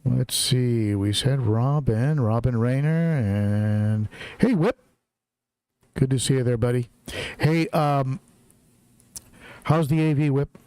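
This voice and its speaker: A chatty middle-aged man hosting a casual live stream, reading out viewers' names one after another. His voice sits at an ordinary male pitch, and the recording is dry and close, with no room sound around it. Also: slow, long pauses, darkish tone, clean tone, dry recording. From Southern California. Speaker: livestream host. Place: home, in Tennessee.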